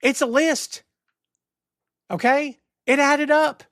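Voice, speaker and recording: A man's voice: on the high side, normal speed, no room sound, clean studio sound. A middle-aged man hosting a live wrestling talk show, ranting with energy and reading out chat comments. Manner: animated, ranting, reads chat comments aloud. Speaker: podcast host. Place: home studio on camera. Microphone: headphones and studio mic.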